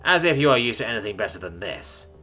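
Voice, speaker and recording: A man's voice: on the low side, very animated, fast talker, bright, forceful tone, soft background music, exaggerated voice. A man voicing a stern male alien officer who speaks dry and curt.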